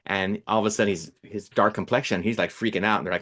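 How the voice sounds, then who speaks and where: A man's voice: fairly low pitch, fairly even intonation, fast talker, a bit bright. A man co-hosting a podcast in casual chat, rambling with many fillers and restarts. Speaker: podcast co-host.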